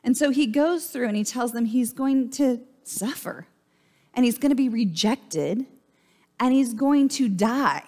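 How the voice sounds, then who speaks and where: A woman's voice: on the high side, measured pace, darkish tone. A woman pastor preaching a sermon in a church, in a chatty, conversational way and often checking in with "right?".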